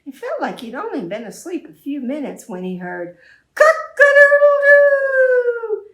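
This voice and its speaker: Expressive woman reading to children. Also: a little high, a little fast. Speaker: librarian. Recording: echoey room.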